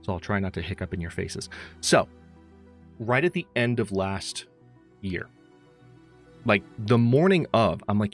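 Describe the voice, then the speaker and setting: A man's voice: fairly low pitch, expressive, normal speed. A man hosting a livestream, chatting casually and rambling as he greets viewers by name, speaking into a close mic. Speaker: streamer host. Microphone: close studio mic. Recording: faint music behind.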